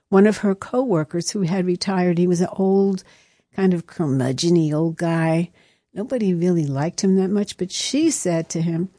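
A woman's voice: lowish voice, mellow, no echo. A woman hosting a live radio show in a studio, telling stories in a chatty, rambling way. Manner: chatty, anecdotal, rambling with restarts. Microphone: studio microphone.

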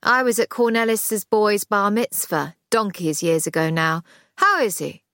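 A woman voicing a sociable middle-aged gentleman at a dinner party. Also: mid-range voice, expressive, measured pace, no room sound, studio quality.

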